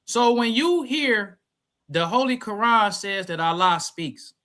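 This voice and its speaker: A man's voice: high voice, expressive, takes it slowly, a crowd in the background. A man debating over a live stream, insisting on his points and repeating them through interruptions.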